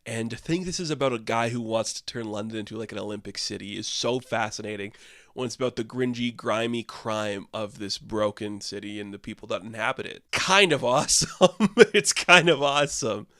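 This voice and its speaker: A man's voice: fairly low pitch, fairly quick, bright, forceful tone, no echo, clean studio sound. A man giving a casual, enthusiastic film review, rambling and saying "like" often.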